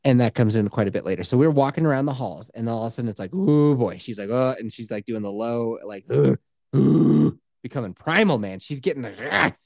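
A man's voice: medium pitch, fast talker, hardly any pauses, darkish tone, no echo, studio quality. A man telling a story in casual chat, swearing freely and acting out the quotes.

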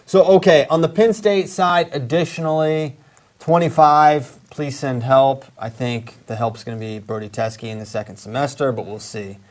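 A man's voice: mid-range voice, normal speed, a little mellow. A man hosting a casual sports talk show, opinionated and rambling, with many restarts. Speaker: podcast host.

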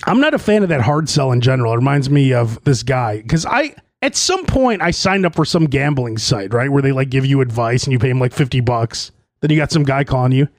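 A man's voice: medium pitch, sing-song, a little fast, few pauses, no echo, clean studio sound. A man hosting his own podcast, telling stories in a profane, playfully indignant way. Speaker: podcast host. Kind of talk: solo comedic storytelling podcast.

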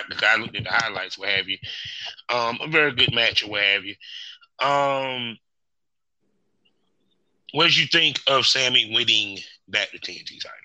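A man with a very bright, cutting voice talks casually on a podcast, hesitating with lots of ums. The sound is dry and close, with no room echo. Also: medium pitch. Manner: hesitant, filler-heavy, asks his co-host questions. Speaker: podcast co-host. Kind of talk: casual wrestling chat.

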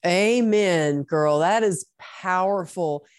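A very low-pitched woman hosts a podcast interview, telling personal stories with effusive, faith-tinged enthusiasm. Her voice sounds dry and close, with no room around it. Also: takes it slowly, darkish tone, clean tone, dry recording. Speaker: podcast host. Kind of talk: conversational interview.

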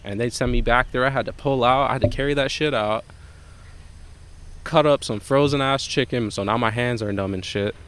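A man's voice: medium pitch, moderate pace, fairly bright tone, clean tone. A young man from Jamaica, a podcast guest, telling a rambling, profane story in casual chat.

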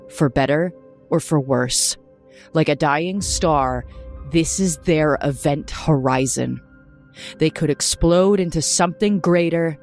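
A woman runs a tabletop game, narrating in a low, slow voice. She lingers over her descriptions. Faint music plays underneath. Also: a little mellow. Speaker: game master.

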